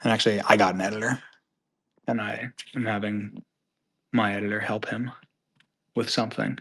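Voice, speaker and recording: A man's voice: lowish voice, steady tone, fairly bright tone, a little hiss or hum. A man hosting a live audio chat room, casually reading out listener questions and answering them in an offhand, rambling way. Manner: offhand, rambling, with restarts and trailing off; skims questions quickly under his breath.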